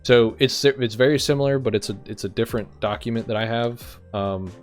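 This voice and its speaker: A man in a roleplay game, playing a police sergeant who explains arrest procedure to recruits in a steady, methodical way with frequent ums. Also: medium pitch, brisk, soft background music. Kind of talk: instructional roleplay briefing.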